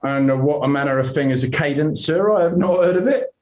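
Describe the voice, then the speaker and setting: An actor playing a humble, chatty palace guard in Elizabethan stage acting, folksy and deferential. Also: male voice, on the high side, a little fast, darkish tone, roomy sound, natural voice, poor audio. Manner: deferential, folksy, keeps calling the other man sir.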